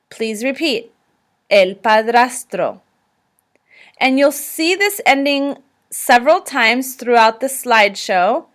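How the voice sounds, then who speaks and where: Woman, teacher, slideshow lesson, slow and deliberate, somewhat high voice, repeat-after-me prompts. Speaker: language teacher.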